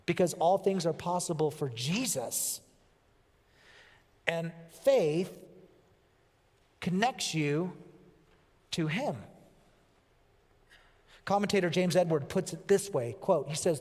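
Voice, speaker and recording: A man preaching a sermon as pastor, earnest and emphatic, slowing down to stress key phrases and repeating them. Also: high-pitched, expressive, darkish tone. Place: church sanctuary. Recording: long church-hall reverb.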